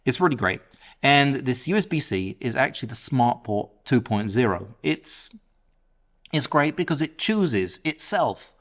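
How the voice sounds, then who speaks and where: A man's voice: mid-range voice, expressive, measured pace, fairly bright tone. Male host, 40s, London accent, chatty self-mocking reviewer, small home studio, camera mic at arm's length. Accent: London English. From England. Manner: chatty, self-mocking, stumbles over words. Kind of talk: casual product review. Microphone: camera-mounted shotgun mic about arm's length away.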